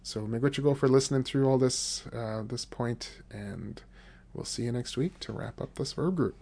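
Male language teacher, mid-range voice with gravel, patient and repetitive, recorded close on a desk mic. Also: medium pitch, dark tone. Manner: patient, repeats phrases slowly for learners. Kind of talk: podcast language lesson. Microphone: desk microphone.

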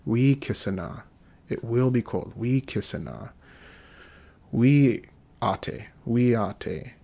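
A man teaching a podcast language lesson, saying each phrase slowly several times, then giving the meaning and explaining the grammar in a relaxed, casual way. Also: mid-range voice, gravelly. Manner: slow, repeated drilling of phrases.

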